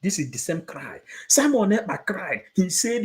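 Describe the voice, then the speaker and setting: A man's voice: high-pitched, very animated, moderate pace, hardly any pauses. A man preaching to supporters, emphatic and repetitive, moving between English and Igbo. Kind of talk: impassioned preaching.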